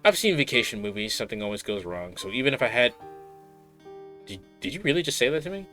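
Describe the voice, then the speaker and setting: A man's voice: mid-range voice, very animated, quick pace, bright, forceful tone, faint music behind. A man reading the lines of a guarded young woman who runs the town mines, in a dry, matter-of-fact way. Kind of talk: reading game dialogue aloud.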